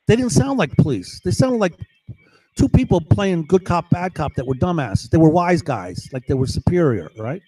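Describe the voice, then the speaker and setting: Man, higher-pitched voice, rambling profane storytelling, boastful, dry close sound. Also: mellow, no room sound, rough recording. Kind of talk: casual first-person account.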